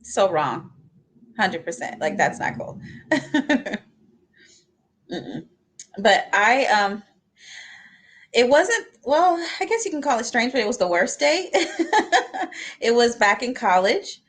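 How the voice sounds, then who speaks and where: A woman's voice: a little high, big pitch swings, slow, pauses often. A young adult woman on a live panel, telling a story with laughs and acting out the lines she quotes.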